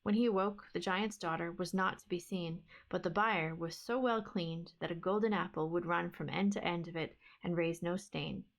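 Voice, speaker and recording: A woman reading a fairy tale aloud for a book club stream, in a steady, even storytelling manner. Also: fairly low pitch, normal speed, vocal fry, few pauses.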